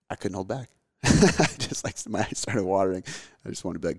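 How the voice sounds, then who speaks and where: A man's voice: low-pitched, fast, no echo, studio quality. A man in his thirties chatting casually as a podcast host, rambling and candid, swearing often with lots of fillers. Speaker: podcast host answering listener questions. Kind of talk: casual chat.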